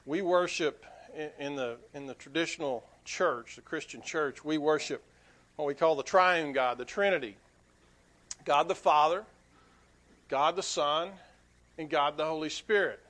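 A man's voice: a little high, a little slow, a bit bright. A man preaching a sermon as pastor, telling a story earnestly with frequent restarts.

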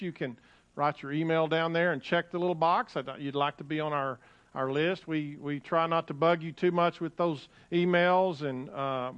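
A man preaching as a pastor in a church, talking in a folksy, conversational way with frequent restarts, and reading scripture with rising emphasis. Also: fairly bright tone. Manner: rises in pitch and volume when reading scripture aloud. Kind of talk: sermon. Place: church sanctuary. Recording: dull, lo-fi sound.

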